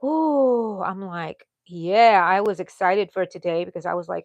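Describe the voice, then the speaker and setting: A woman in her sixties with a Texan accent talks her viewers through her crochet work in a dry, close recording with no room sound. Her voice sits at an ordinary middle pitch. She chats freely, then sinks into soft mutters and whispers while she counts stitches. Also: unhurried, dry recording. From Texas. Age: 60s. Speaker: crochet live-stream host. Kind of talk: casual chat while crocheting live.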